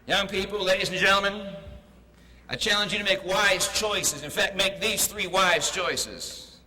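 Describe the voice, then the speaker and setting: Man, commencement speaker, bright voice, emphatic preachy cadence, echoey hall over a PA. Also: high voice, measured pace, slight background noise. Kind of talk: preachy ceremony speech with a joke. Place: large hall at a graduation ceremony. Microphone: podium mic over a PA.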